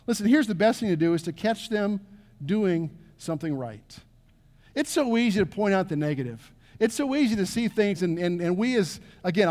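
A middle-aged man preaches as pastor in a church sanctuary, his high, slightly mellow voice trailing off into long reverb. He speaks earnestly, repeats phrases, and calls on the crowd to respond.

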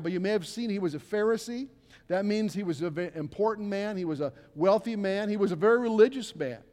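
A man's voice: high-pitched, darkish tone, in a large hall. An older man preaching a conversational sermon as pastor in a church, often acting out the people he quotes. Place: church sanctuary.

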